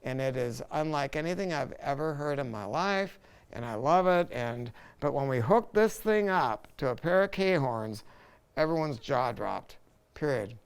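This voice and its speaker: Gravelly, rambling hi-fi dealer man. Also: medium pitch, expressive, unhurried. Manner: rambling, enthusiastic, self-interrupting. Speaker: hi-fi dealer host. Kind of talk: casual product talk to camera.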